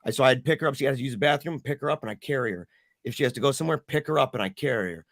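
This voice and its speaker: Middle-aged man, guest storyteller, animated, does the voices, dry room. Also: mid-range voice, rapid-fire, creaky, dry recording. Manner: animated, acts out quoted voices. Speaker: podcast guest. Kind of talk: emotional storytelling.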